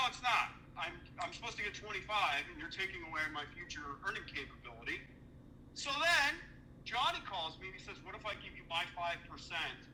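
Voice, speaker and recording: A man's voice: on the high side, sharp tone, slight background noise, rough recording. A man telling a heated story as a podcast guest, cursing often and acting out the dialogue he quotes. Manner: profane, indignant, acts out quoted dialogue. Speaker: podcast guest recounting a business dispute.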